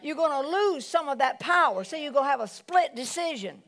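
Woman pastor, lively sermon delivery, slightly high voice, calls out often. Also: brisk. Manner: animated preaching with exclamations.

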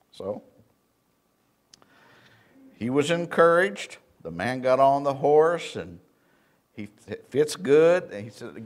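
A man's voice: mid-range voice, animated, takes it slowly, long pauses. A man preaching a sermon in a church, telling folksy stories with a Southern Indiana accent and calling out questions to the congregation. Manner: folksy storytelling preacher, call and response. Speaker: pastor.

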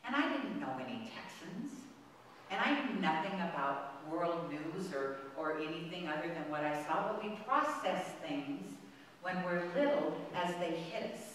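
Woman in her 60s, speaker at a spiritual center, low voice, chatty storytelling, heard from far off. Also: lively intonation, unhurried, slight background noise. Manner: chatty, exclamatory, personal storytelling with frequent ums. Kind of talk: conversational spiritual talk. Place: large hall of a spiritual center. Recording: echoey hall, voice from far off.

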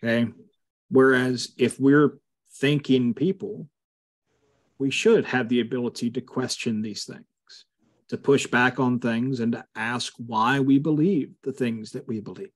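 A man of middle pitch guides a Bible study over a video call. He speaks casually, with many fillers, and breaks into firm asides when he feels strongly. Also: steady tone, measured pace. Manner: conversational, frequent fillers, emphatic asides. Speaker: pastor leading a Bible study.

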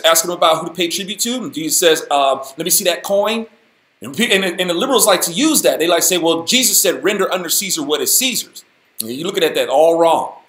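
A man hosting a casual Bible study, talking in an animated, folksy, slangy way. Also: high voice, echoey room. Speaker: host, Bible teacher.

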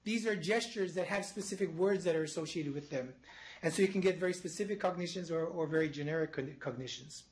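A man's voice: fairly high pitch, fast talker, a little mellow, rough recording. A man, a psychology professor, lecturing live to a studio audience in an explanatory way, often restarting his phrases. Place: university studio before an audience.

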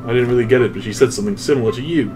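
A man's voice: medium pitch, racing, darkish tone, soft background music, rough recording. A man playing a visual novel with friends, reading its dialogue aloud and making wry asides. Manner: reads game text aloud with wry asides. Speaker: let's play commentator. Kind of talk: group game playthrough, reading dialogue aloud.

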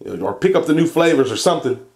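A young man with a mid-pitched voice talks loosely to his viewers in a casual vlog. He swears freely, jokes around, and keeps tripping over the names of places as he works through his shout-outs. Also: sing-song, fast talker, creaky. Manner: profane, joking, stumbles over place names. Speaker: vlogger and e-liquid maker.

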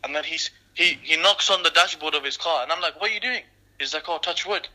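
A man on a casual phone call with a friend, quick to tease him. His voice is very bright and forceful, a little higher than most men's. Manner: blunt, teasing.

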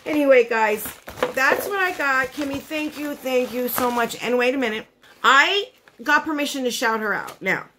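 A woman's voice: high-pitched, animated, moderate pace, noisy background. Gushing, emotional woman vlogger. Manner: gushing, emotional, chatty with lots of "like" and "you know". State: choked up, near tears. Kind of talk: casual chat to camera.

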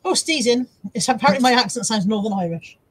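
A woman's voice: fairly high pitch, lively intonation, fast, husky, low-quality recording. A woman co-hosting a casual live stream, chatty and giggly, reading viewer comments aloud. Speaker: livestream co-host reading chat comments. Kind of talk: casual chat.

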